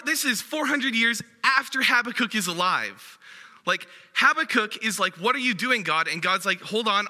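A man giving a sermon as a guest preacher, in a conversational, animated style with casual fillers. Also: high voice, long reverb tail. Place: church hall.

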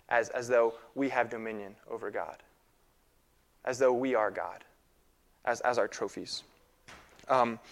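A young man in his twenties preaching a sermon in a casual, halting way, with fillers and repeated phrases. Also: mid-range voice.

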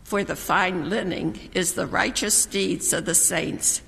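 A scripture reader giving a measured, proclaiming reading in a church. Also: medium pitch, gravelly, bright, forceful tone. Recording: church hall reverb.

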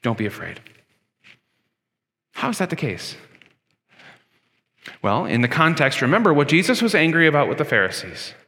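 A man preaching in a church sanctuary, talking to the congregation in a casual, conversational way. His voice is bright and sits a little high, and it rises and falls a lot as he presses his points. The sound carries a long, echoing church reverb. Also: very animated, brisk, long pauses. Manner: conversational preaching, with frequent fillers and emphatic swings. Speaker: pastor. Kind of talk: sermon.

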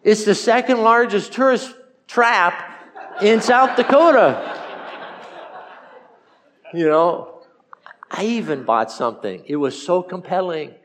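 A man preaching a sermon as pastor, telling folksy stories with jokes and slowing down to stress his points. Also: sits high, a bit bright, slight background noise. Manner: storytelling, folksy and joking.

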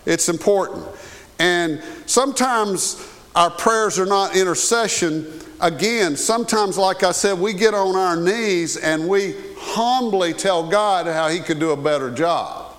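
A man preaching in a slightly higher-than-usual voice, talking to his congregation in an easy, conversational way. He checks in with them often. The sound carries a long reverb, as in a large church sanctuary. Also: unhurried, fairly bright tone. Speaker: pastor. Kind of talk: sermon.

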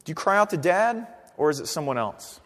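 A man with a high voice preaches a sermon. He swings from near-shouts down to hushed, earnest tones, and the long reverb of a church hall rings around him. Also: brisk. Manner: animated preaching, rising to near-shouts then dropping low. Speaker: pastor. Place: church sanctuary.

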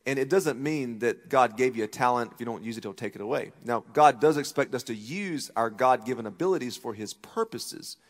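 A man preaching a sermon as pastor, animated, acting out voices as he retells a story. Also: mid-range voice, a little fast, few pauses, big-room sound. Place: church auditorium.

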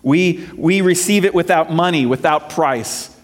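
A man's voice: on the high side, a little slow. A male pastor preaching a sermon, quoting scripture and asking the congregation questions as his emphasis rises and falls.

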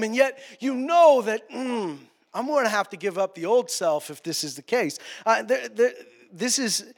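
A male pastor preaching a sermon, passionate, swinging between quiet, tender passages and loud, urgent ones. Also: very high voice, expressive, a little fast, hardly any pauses.

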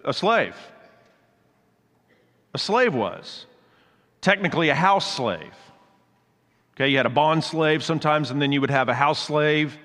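A man's voice: on the high side, lively intonation, unhurried, pauses often, a bit bright. A man giving a conversational sermon as pastor, explaining scripture with casual asides. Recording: long hall reverb.

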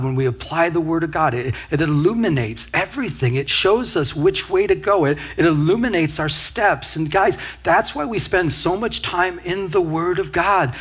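Husky-voiced pastor preaching a sermon. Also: male voice, a little high. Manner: storytelling with quoted asides and laughter.

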